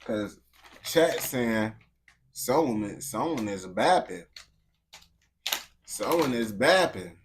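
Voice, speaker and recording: A man's voice: medium pitch, expressive, slow pace, long pauses, a little hiss or hum. A man livestreaming and chatting casually with his viewers, talking in heavy slang, repeating himself and laughing often.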